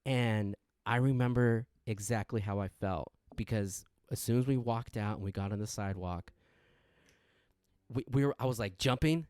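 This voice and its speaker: A man's voice: normal speed, dry recording, clean studio sound. A young man co-hosting a podcast, telling a story in casual chat with lots of restarts and quoted voices. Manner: animated, acts out quotes with big pitch jumps; frequent restarts and stammers. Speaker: podcast co-host.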